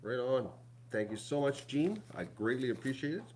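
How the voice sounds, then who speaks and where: A man's voice: mid-range voice, animated, moderate pace, darkish tone, a little hiss or hum. A middle-aged man, chatting casually to viewers at home, rambling and repeating himself. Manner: addresses viewers as folks. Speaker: vlog host.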